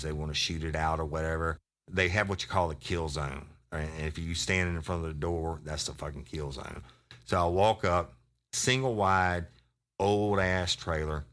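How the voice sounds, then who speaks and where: A man tells an old police story on a podcast, blunt and full of profanity. His voice sits very low but has a forceful, bright edge. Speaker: podcast host, retired sheriff's deputy.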